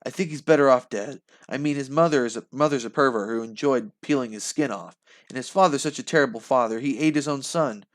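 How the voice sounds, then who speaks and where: A man's voice: mid-range voice, a little fast, natural voice. A man reading a novel aloud and voicing a brave young girl fighter who speaks defiantly and cuttingly. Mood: scornful.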